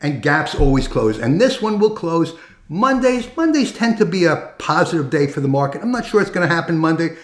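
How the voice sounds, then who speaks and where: A man's voice: on the high side, big pitch swings, a little fast. Man explaining markets in a roomy echo. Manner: conversational, explaining chart levels step by step. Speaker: trading educator. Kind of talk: market analysis talk.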